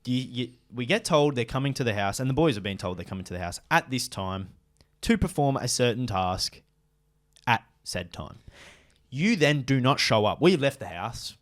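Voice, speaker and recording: A man's voice: mid-range voice, lively intonation, moderate pace. A young man with an Australian accent, co-hosting a podcast in casual chat, telling stories and complaining emphatically. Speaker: podcast co-host.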